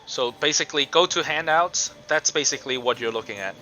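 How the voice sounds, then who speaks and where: Over voice chat, a man serves as game master for a tabletop game, narrating scenes in a brisk, sharp, mid-range voice with plenty of fillers and restarts. The recording is low quality, and game soundtrack music plays behind him.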